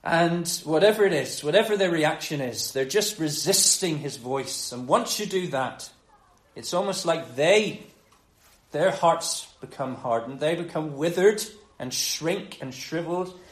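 A man preaches in a relaxed, conversational way, slightly higher in pitch than most men. He animates his points and then sinks low and hushed for emphasis. The room around him rings with echo. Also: measured pace. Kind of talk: sermon on a gospel passage.

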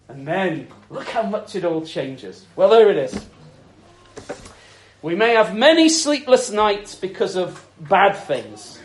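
A male preacher with a fairly high voice delivers his sermon with expressive storytelling. He swings between ringing emphasis and quiet intensity. The room is echoey, with a faint hum of ambience behind him. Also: unhurried.

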